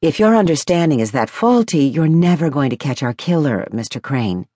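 A woman's voice: deep voice, big pitch swings, moderate pace, warm tone, no echo. A woman narrator voicing a poised madam who teases with wry confidence, her tone swinging widely and sounding dry and close. A storybook figure who is amused and fully in command. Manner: wry, teasing, self-assured. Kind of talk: audiobook character voice.

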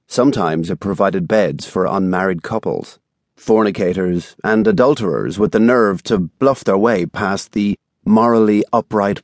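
A man reading a thriller audiobook in a measured, even storytelling style, recorded on a studio microphone. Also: lowish voice, no room sound. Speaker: audiobook narrator. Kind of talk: scripted narration.

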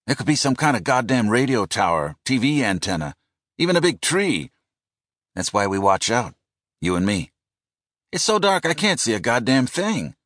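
A man's voice: medium pitch, big pitch swings, normal speed, fairly bright tone, dry recording, studio quality, voice pushed up. A man voicing a nervous, profane male co-pilot in an audiobook who grumbles and snaps. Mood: grumbling. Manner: jumpy, grumbling.

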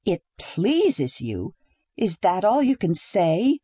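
A woman's voice: mid-range voice, sing-song, slow, mellow, husky, no echo, clean studio sound, full character voice. A woman voicing a young wife who speaks in a breathless, rising, pleading way. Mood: hurt, pleading. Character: young newly married woman, eager then hurt.

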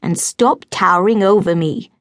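A woman voicing a gentle older spinster governess in an audiobook, earnest and pleading. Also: mid-range voice, moderate pace, dry recording, studio quality, lightly acted.

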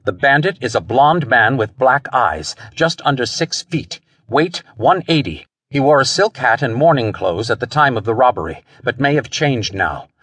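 A man's voice: medium pitch, sing-song, normal speed, few pauses, fairly bright tone, slightly rough, dry recording, full character voice. A man voicing a terse pulp-novel hero who barks urgent orders, in an audiobook. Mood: commanding. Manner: curt barked orders.

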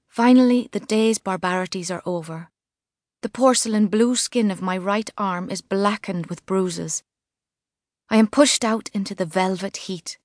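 A woman reading a first-person novel as narrator, measured and vivid. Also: medium pitch, no echo, studio quality. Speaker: audiobook narrator. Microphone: studio mic.

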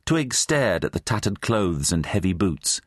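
Unhurried and low-voiced, a man performs scripted narration of a children's fantasy story, reading with expression and voicing a range of characters. The studio sound is clean, with no room sound.

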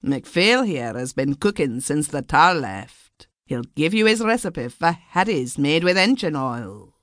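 A woman's voice: low-pitched, sing-song, a little slow, dry recording, studio quality. A woman voicing a gloomy, solemn Scottish first mate who speaks mournfully.

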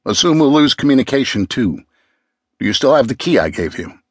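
A male narrator voicing a calm, commanding middle-aged father who gives firm, steady instructions. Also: medium pitch, brisk, no echo, clean studio sound, pitched above the performer's own voice. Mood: urgent.

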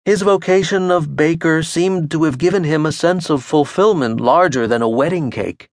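A man narrating an audiobook in the first person with a wry, measured storytelling manner. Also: on the high side, no room sound. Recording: dry studio audio.

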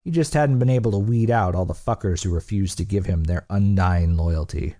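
A man narrating an audiobook in a steady, blunt, profane delivery. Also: deep voice, brisk. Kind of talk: scripted narration.

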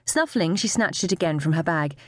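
Woman reading a novel aloud, lively pitch, expressive, dry close recording. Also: fairly quick, dry recording. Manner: expressive storytelling. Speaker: audiobook narrator. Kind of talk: scripted narration.

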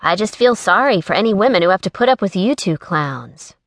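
A woman's voice: medium pitch, expressive, brisk, no echo, clean studio sound, lightly acted. Woman voicing a cheerful, teasing young woman. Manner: bright, teasing, upbeat. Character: cheerful sassy young woman, office joker.

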